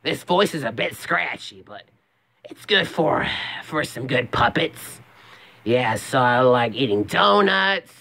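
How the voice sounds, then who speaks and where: A young man voicing a stern male police officer puppet in a scratchy, low voice. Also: animated, takes it slowly, bright, forceful tone, exaggerated voice. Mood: gruff.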